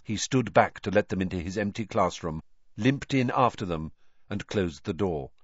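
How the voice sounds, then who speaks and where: A man reading a story aloud as an audiobook narrator, expressive in his storytelling. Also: sits low, moderate pace, slightly rough, no echo, muffled recording. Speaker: audiobook reader. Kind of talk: scripted narration.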